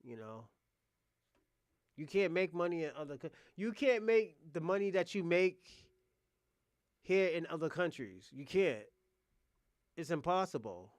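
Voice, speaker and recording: A man's voice: fairly high pitch, sing-song, a little slow, long pauses, dry recording. A man hosting a reaction video, talking in a blunt, heated casual rant full of swearing.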